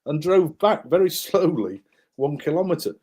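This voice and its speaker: A guest author tells a wartime story with great animation, pointing to maps and acting out the people involved, his speech full of fillers and restarts. His voice is slightly high and a touch slow, with a breathy edge.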